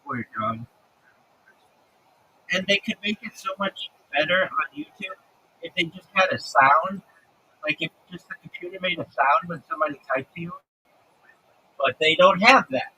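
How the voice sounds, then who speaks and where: A man's voice: a little high, lively intonation, moderate pace, pauses often, bright, forceful tone, a little hiss or hum, rough recording. A man talking casually on his livestream, ranting and swearing freely. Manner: profane, ranting.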